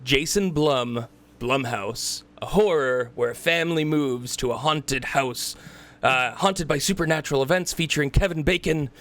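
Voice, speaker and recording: A man hosting a podcast, reading through upcoming releases in a casual chat with quick asides. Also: a little high, fairly bright tone. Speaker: podcast host.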